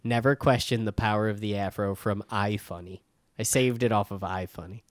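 A man's voice: lowish voice, fairly even intonation, moderate pace, no echo, clean studio sound. A young man hosting a casual podcast chat, enthusiastic, often saying dude and swearing casually. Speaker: podcast host.

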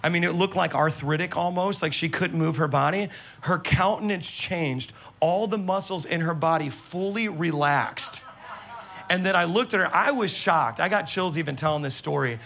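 A man preaching as a pastor, telling stories to his congregation in an animated, exclamatory way. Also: fairly high pitch, moderate pace, creaky, a little hiss or hum. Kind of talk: sermon with storytelling. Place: church service.

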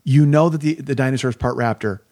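A man co-hosting a podcast, excitedly retelling film scenes in casual conversation. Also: mid-range voice, brisk. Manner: excited, animated retelling with acted-out quotes. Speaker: podcast co-host.

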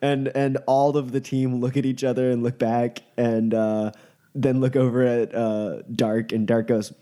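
A man's voice: medium pitch, level tone, measured pace, warm tone. A man narrating a tabletop game as game master, rambling with many fillers and frequent laughs.

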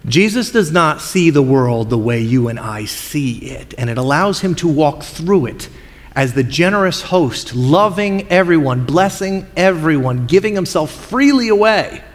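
A male pastor preaching a sermon, telling Bible stories in an expressive, colloquial way. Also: on the high side, measured pace. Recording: long hall reverb.

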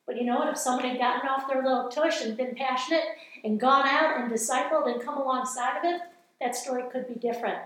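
A woman's voice: sits high, fast talker, a bit bright. Female speaker, middle-aged, earnest exhorting sermon delivery, reverberant room sound. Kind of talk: evangelical teaching talk. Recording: very echoey room.

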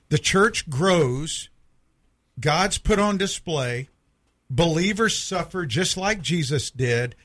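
A man's voice: on the high side, a bit bright. A man co-hosting a radio show, teaching from the Bible in an earnest, plainspoken way and asking questions to make his points.

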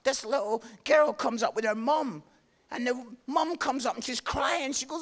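A man, preaching a sermon with animated storytelling and self-deprecating humor. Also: very high-pitched, normal speed. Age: 50s.

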